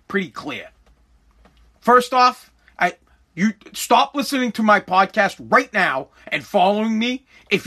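A man's voice: high-pitched, pushed and bright. A man hosting his podcast, ranting in a profane, emphatic way, repeating lines for effect and acting out imagined conversations. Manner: acts out imagined dialogue. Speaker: podcast host.

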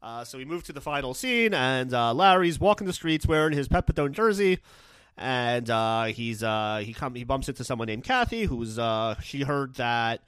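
A man's voice: moderate pace, clean tone, dry recording. A man co-hosting a podcast, casually recapping an episode and acting out characters in snatches. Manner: animated, acts out characters with big pitch jumps. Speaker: podcast co-host.

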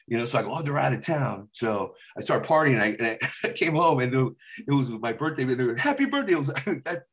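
Speaking fast in a mid-range voice, a middle-aged man appears as a comedian guest and tells stories in relaxed chat. He performs the lines of the people involved, animatedly voicing his dad.

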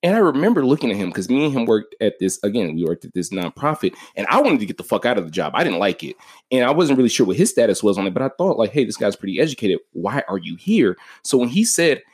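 Man hosting a podcast, lively swinging pitch, casual profane storytelling, lots of fillers. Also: fast talker, breathy edge. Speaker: podcast host.

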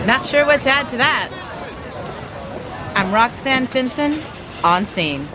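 An actress playing a female TV news reporter on scene in a film, with a lively, dry delivery. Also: high voice, slow. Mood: deadpan. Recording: film clip with crowd and street noise. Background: crowd and street noise.

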